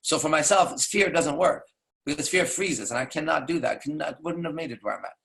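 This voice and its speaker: Man, dating coach, casual monologue; blunt, profane, keeps asking "right?"; voice pitched a bit high. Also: lively intonation, brisk, creaky, fairly bright tone. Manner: frequent tag questions like "right?" and "okay?".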